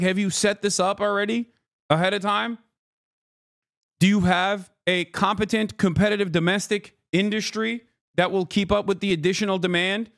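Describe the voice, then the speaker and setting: A man's voice: sits high, creaky, fairly bright tone, dry recording, clean studio sound. A man streaming reactions to political news, ranting in an exasperated, incredulous and profane way. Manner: exasperated, incredulous, rapid rants.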